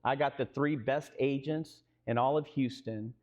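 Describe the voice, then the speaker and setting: A man's voice: mid-range voice, unhurried. A man with a Texan accent telling a business story on a live stage panel, acting out the dialogue and asking the crowd questions. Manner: animated, acts out quoted dialogue, asks the crowd questions. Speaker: real estate company co-founder telling a story on a live panel.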